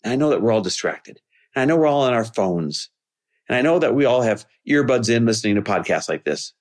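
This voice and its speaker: A man hosting a podcast, telling a personal story in an earnest monologue that rises to an impassioned pitch when he makes his point. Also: animated, brisk. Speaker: podcast host.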